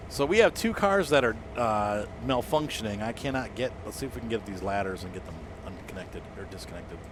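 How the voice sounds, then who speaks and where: Chatty low-voiced American man streaming. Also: expressive, brisk, noisy background. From United States. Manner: rambling, chatty, frequent fillers and laughs. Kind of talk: casual gameplay chat with viewers.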